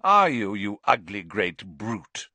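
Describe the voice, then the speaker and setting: A spoiled, arrogant teenage schoolboy drawls and mocks, as a male audiobook narrator puts him on. The voice lurches between low sneers and shrill heights. It is recorded close and dry with no room sound. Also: big pitch swings, slow pace, pushed and bright, no echo, full character voice. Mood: sneering drawl. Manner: drawling, mocking.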